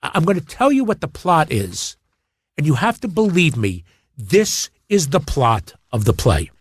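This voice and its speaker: A man's voice: fairly high pitch, moderate pace, breathy edge, no room sound. A man being interviewed as a guest, telling anecdotes in casual chat, stammering and restarting as he acts them out. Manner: animated storyteller who stammers and restarts while acting out anecdotes.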